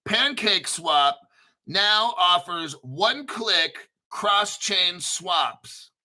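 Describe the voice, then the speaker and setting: An American man hosting a crypto channel, reading an article aloud and riffing on it in a rambling, profane, hyped-up way while clearing his throat. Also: sits high, animated, drawn-out words, sharp tone. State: throat clearing, using a cough drop. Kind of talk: casual video commentary reading an article.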